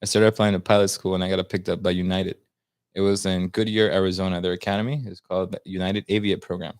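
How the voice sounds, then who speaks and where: Telling a long story as a podcast guest, a twenty-something man from the United States with a Salvadoran family speaks slangily and mixes in Spanish phrases. His voice sits low and darkish, with little pitch movement and a quick pace. The studio-quality recording has no room sound.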